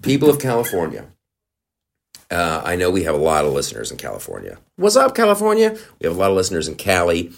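A man's voice: low-pitched, very animated, fast, gravelly, faint music behind. A man hosting a podcast, delivering a profane, sarcastic comedic rant. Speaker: podcast host.

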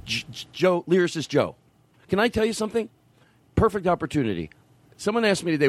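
A man's voice: fairly high pitch, big pitch swings, fast talker, no echo. A man hosting a comedy podcast, talking in a dry, rambling, playful way. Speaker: podcast host. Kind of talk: casual comedy chat.

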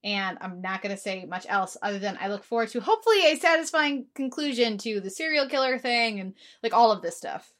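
Woman host rambling through a casual podcast chat, voice a touch high. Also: animated, a little fast, fairly bright tone. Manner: chatty, laughs often, rambling restarts.

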